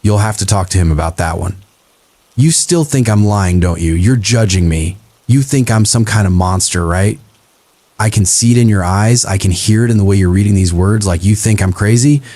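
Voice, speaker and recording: Deep, dark-voiced male horror narrator. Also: moderate pace, dry recording. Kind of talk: scripted first-person horror narration.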